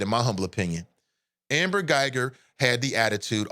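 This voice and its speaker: A man's voice: mid-range voice, lively intonation, a little fast, pushed and bright. A man hosting a live show at home, giving blunt, impassioned and profane opinion commentary.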